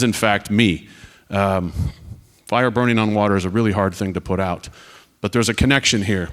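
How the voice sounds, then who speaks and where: An American man in his forties, a retiring Air Force officer, addresses students at a panel with earnest sincerity. His medium-pitched voice is a little bright as he tells stories over slides, slipping in wry asides.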